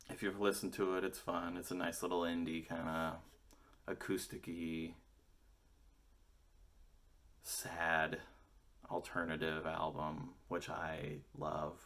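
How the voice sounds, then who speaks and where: A man's voice: low voice, a bit bright. A young man chatting casually and rambling to his viewers, joking and swearing as he wanders off topic. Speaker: musician vlogger. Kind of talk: casual rambling chat to camera.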